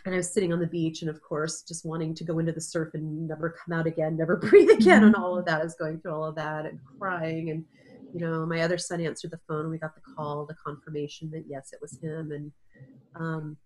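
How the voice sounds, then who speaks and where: A woman's voice: deep voice, fairly even intonation, quick pace, darkish tone. A middle-aged woman, an interview guest, telling an emotional personal story, tearful at times and laughing through it.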